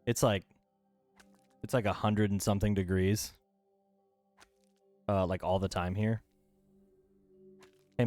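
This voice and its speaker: A man with a lowish, somewhat dark voice streams a video game from a room at home. He keeps up casual, playful, wandering chatter as he plays.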